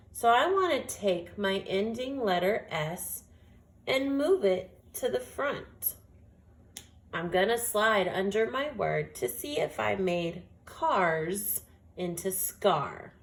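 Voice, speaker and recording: A woman teaching a phonics lesson, speaking slowly and carefully and sounding out each word. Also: medium pitch, very animated. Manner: slow, deliberate, sounds out words.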